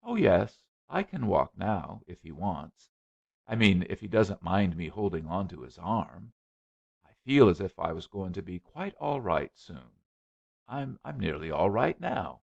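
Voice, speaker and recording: Man reading as a sly schoolboy, firm and wheedling, husky, lively pitch. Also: unhurried, full character voice. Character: sly stubborn boy of eleven. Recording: dull lo-fi recording.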